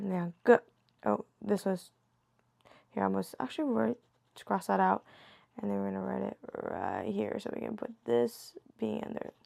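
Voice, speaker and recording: A woman teaching a beginner language lesson in a slow, patient way, muttering and correcting herself as she writes. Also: medium pitch, animated, creaky, mellow. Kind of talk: casual beginner lesson, writing on board.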